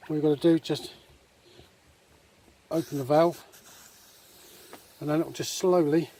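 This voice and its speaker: A man talking casually in a relaxed, chatty way with many fillers, filming a vlog at a woodland camp outdoors. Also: fairly high pitch, measured pace. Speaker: vlogger. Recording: outdoor recording with faint nature noise.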